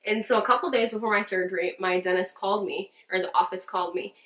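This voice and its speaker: A young woman tells a story to her camera in a casual, rambling way. She fills her talk with fillers and restarts, and her voice sits at an ordinary middle pitch. The room around her gives her voice a noticeable echo. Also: steady tone, fast, fairly bright tone. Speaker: vlogger and church worship leader. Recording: roomy echo.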